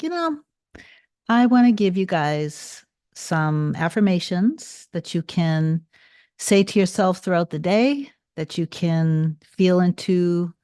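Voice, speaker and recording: A woman's voice: fairly low pitch, a little mellow, dry recording, studio quality. A tired woman talking casually to viewers on a livestream, greeting them by name and repeating phrases. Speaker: manifestation coach hosting a livestream.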